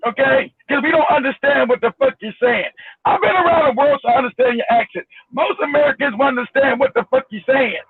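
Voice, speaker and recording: A man's voice: extremely high pitch, brisk, dry recording. A man hosting a show, talking in loose, mocking, rambling commentary with frequent laughs. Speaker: show host. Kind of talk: casual commentary. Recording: dry tinny phone-like line.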